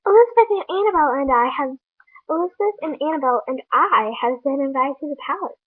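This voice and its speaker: A young female reader voicing an eager, excitable colonial girl in a storybook reading. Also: fast. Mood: excited. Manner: read aloud with raised, lively pitch. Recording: tinny phone-like recording.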